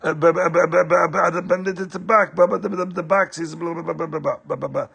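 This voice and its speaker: A man's voice: sits high, brisk, creaky, breathy edge, voice pushed up, heavily acted. A man voicing a poor, devout man who talks eagerly and stammers when he is caught out. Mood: stammering.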